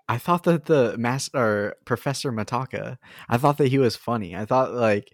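A man's voice: medium pitch, measured pace, dry recording, studio quality. A man co-hosting a casual fan podcast, rambling with lots of fillers and frequent laughter. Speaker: podcast co-host.

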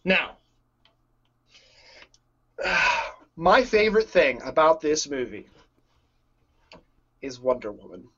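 A man gushes excitedly about a movie in casual chat, laughing often and getting carried away. His voice sits a little high for a man. The recording sounds dull and lo-fi. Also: takes it slowly, pauses often, breathy edge.

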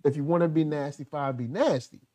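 A woman's voice: low-pitched, fairly quick, a crowd in the background. A woman co-hosting a podcast in casual chat, giggly and playful with slang. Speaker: podcast co-host.

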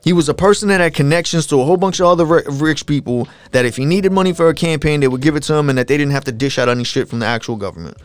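A man hosting a solo podcast, ranting in a casual, profane, animated way and mocking people with put-on voices. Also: a little high, very fast, few pauses, no echo. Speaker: podcast host.

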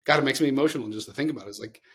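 A man's voice: medium pitch, very fast, husky. A middle-aged man co-hosting a podcast, telling long earnest stories in casual chat with many restarts. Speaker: podcast co-host.

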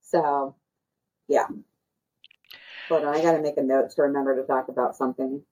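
A woman's voice: rumbling low, steady tone, moderate pace, dark tone, slightly rough, rough recording. A woman co-hosting a podcast, talking bluntly, swearing freely and rambling in casual chat. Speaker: podcast co-host.

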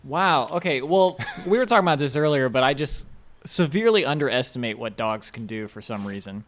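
A man's voice: medium pitch, expressive, brisk. A man in an easygoing, amused casual chat with friends.

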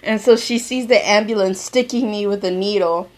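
A teenage girl telling a story in casual, slangy chat, animated and quick to laugh. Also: medium pitch.

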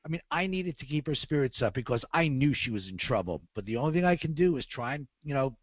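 A man's voice: mid-range voice, expressive, quick pace, no echo, dull audio. A man speaking on the radio, telling his story in the first person and voicing the people in it. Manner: earnest, acts out dialogue in raised voices. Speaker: guest recounting survival.

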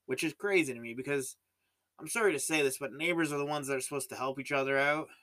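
Canadian man, young adult, solo podcast host, rambling casual monologue, mid-pitched voice. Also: fast talker, fairly bright tone. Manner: rambling, many fillers and restarts.

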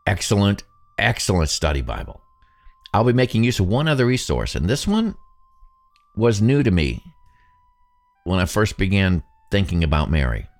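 A man in his sixties hosts a reflective solo podcast, thinking aloud in a casual, self-deprecating way. His voice sits very low but moves through a wide, lively range. Faint music plays behind him. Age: 60s. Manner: musing, conversational, self-deprecating. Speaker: podcast host.

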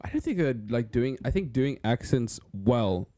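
A young man, chatting casually in an animated, laughing way as a podcast co-host. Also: medium pitch, moderate pace, no room sound, clean studio sound. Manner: animated, laughing, breaks into voices. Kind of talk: casual chat.

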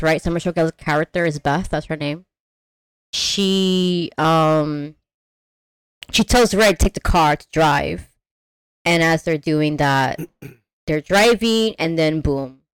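Woman podcast host, casual film recap, lower voice, close and dry, animated storyteller with a foul mouth. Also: clean tone, no room sound. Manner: animated storytelling, swears freely, acts out characters. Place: remote call.

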